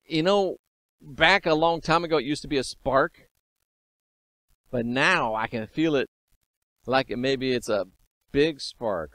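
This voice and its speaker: A man's voice: mid-range voice, a bit bright, no room sound. A man in his fifties giving an emphatic, repetitive spiritual monologue as host of his own channel. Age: 50s.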